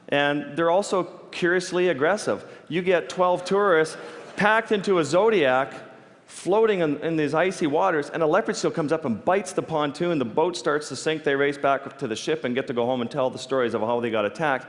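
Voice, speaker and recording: Brief: animated male speaker, fairly high voice, restarts mid-sentence, long hall reverb. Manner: animated, halting restarts, quick to laugh. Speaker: speaker telling stories. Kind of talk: storytelling talk on stage.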